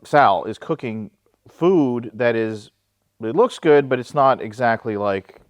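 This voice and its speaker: A man's voice: mid-range voice, expressive, takes it slowly, no room sound. A man hosting a casual film discussion, talking in a wry, joking way with frequent restarts. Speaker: host.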